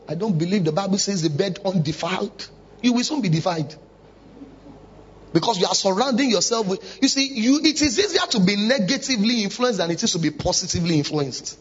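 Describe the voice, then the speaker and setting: A man's voice: sits high, a bit bright, husky. A man preaching a sermon in church, emphatic and full of rhetorical questions. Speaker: pastor. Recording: dull lo-fi recording.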